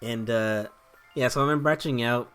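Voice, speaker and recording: A man's voice: medium pitch, normal speed, a bit bright, clean tone, soft background music. A man giving casual commentary while playing a video game, rambling, joking, swearing and laughing often. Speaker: let's play host.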